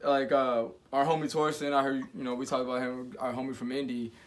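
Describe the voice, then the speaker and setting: A man's voice: mid-range voice, level tone, fairly quick. A man co-hosting a webshow, chatting in a laid-back, agreeable, profane way. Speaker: webshow co-host. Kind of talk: casual chat.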